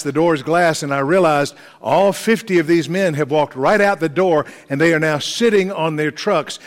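Dramatic storytelling preacher man, slightly high voice. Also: long reverb tail. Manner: dramatic storytelling, rising intensity. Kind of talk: sermon. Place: church.

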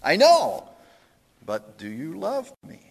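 Casting note: a preacher putting on a blustery, nervous middle-aged father, pitched up and pleading, with hall echo. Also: wildly swooping pitch, slow pace, creaky, heavily acted. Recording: long hall reverb.

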